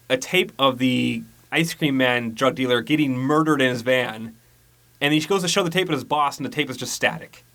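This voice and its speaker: A man's voice: mid-range voice, a bit bright. Podcast co-host, man, loose rambling recap, slips into character voices. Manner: rambling storyteller, acts out characters' lines. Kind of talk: casual movie recap chat.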